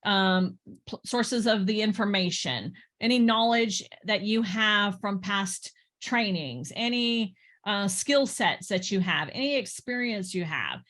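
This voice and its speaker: Energetic, chatty woman business coach. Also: mid-range voice, takes it slowly. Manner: energetic, chatty, laughs often, checks in with "right?". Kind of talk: casual motivational talk to camera.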